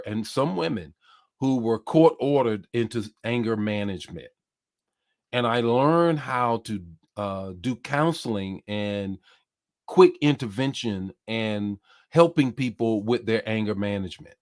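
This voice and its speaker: A bishop preaching a sermon with passion, repeating his key phrases and reading out comments from listeners. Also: fairly low pitch. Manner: impassioned, repeats phrases, reads comments aloud.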